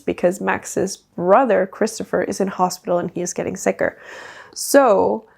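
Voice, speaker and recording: A woman's voice: medium pitch, gravelly, darkish tone. A Danish woman, a native Danish speaker, chatting casually in English about her new books, rambling with lots of "like" fillers. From Denmark. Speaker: book vlogger. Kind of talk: casual book haul chat.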